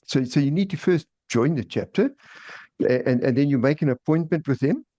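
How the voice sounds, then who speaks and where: Over a dry video-call recording, a meeting host walks through an agenda item in a voice on the high side, dark in tone, with lively intonation at a normal speed. His delivery is repetitive, full of stammered restarts.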